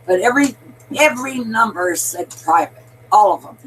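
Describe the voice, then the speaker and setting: A woman's voice: a little high, animated, moderate pace, a bit bright, slight background noise, low-quality recording. An older woman giving a rambling, emphatic political monologue, addressing listeners as her darlings. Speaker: political commentator.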